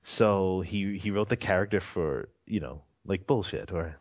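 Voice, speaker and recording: Male interview guest, casual rambling storyteller, very low voice, muffled recording. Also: unhurried. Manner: rambling, many fillers and restarts, chuckles often. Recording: dull lo-fi audio.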